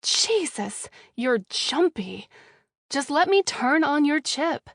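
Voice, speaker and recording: A woman's voice: sits high, big pitch swings, slow pace, creaky, dry recording, clean studio sound, voice pushed up, heavily acted. A woman doing a breezy, chatty young woman. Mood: matter-of-fact. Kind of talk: audiobook dialogue.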